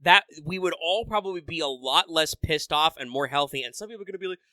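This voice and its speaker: In casual podcast chat, this male co-host talks quickly in a fairly high, pushed, bright voice, rambling profanely with constant restarts, self-interruptions and fillers. The studio sound is clean and echo-free.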